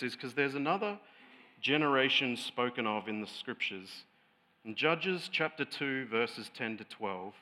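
A man, a pastor, preaching a conversational sermon, telling stories with many fillers and restarts. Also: mid-range voice. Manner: storytelling, growing loud and heated when retelling an angry scene.

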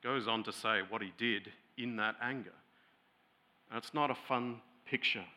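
A man's voice: fairly low pitch, a little slow. A man, a pastor, preaching a conversational sermon, telling stories with many fillers and restarts. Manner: storytelling, growing loud and heated when retelling an angry scene.

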